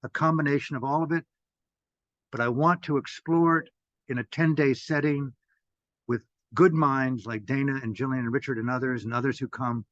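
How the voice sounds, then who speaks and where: An older man, a meditation teacher, gives an impassioned talk at medium pitch, cursing freely and swinging between loud bursts and hushed asides. The audio is dull, dry lo-fi with no echo.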